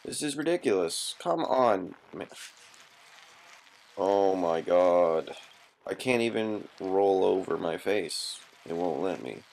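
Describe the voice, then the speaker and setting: A man's voice: sits low, lively intonation, takes it slowly, vocal fry, a little mellow, a little hiss or hum. A young man giving casual gameplay commentary, swearing constantly and yelping in frustration.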